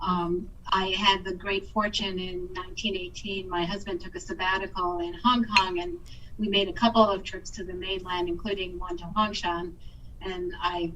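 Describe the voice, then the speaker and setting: A woman's voice: on the low side, level tone, moderate pace, bright, forceful tone, recorded from a distance, a little hiss or hum. A woman on a video call accepting an award, chatty and laughing easily. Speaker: award winner. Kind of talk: thank-you speech on a video call. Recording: dull lo-fi call audio from afar.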